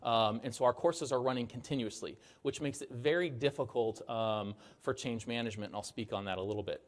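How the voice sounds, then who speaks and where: A man's voice: medium pitch, fairly quick. Upbeat man presenting at a conference. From Arizona, United States. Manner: upbeat, joking, emphatic opening. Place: conference hall stage.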